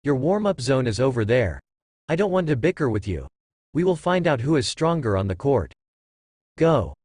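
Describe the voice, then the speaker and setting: A man's voice: medium pitch, sing-song, moderate pace, a little mellow, slightly rough, dry recording, studio quality. A man with a synthetic audiobook voice reading the lines of a cold, stern young basketball captain, curt and level.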